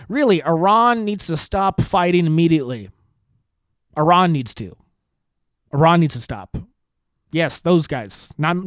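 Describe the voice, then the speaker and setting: A man's voice: high voice, no room sound. A man hosting a comedy podcast, delivering an exasperated, sarcastic rant with frequent swearing. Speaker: podcast host. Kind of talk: comedic monologue.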